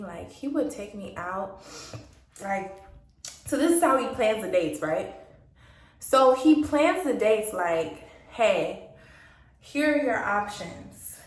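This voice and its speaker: A young storytime vlogger casually recounts a dating story, chatty and laughing often as she acts out what people said. Her mid-range voice is animated at a measured pace, recorded far from the mic in an echoey room.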